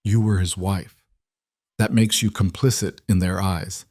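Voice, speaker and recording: A cold mafia boss in a storybook reading, calm and measured, every word a quiet threat, as a man with a low voice reads him. The sound is dry and close. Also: no echo.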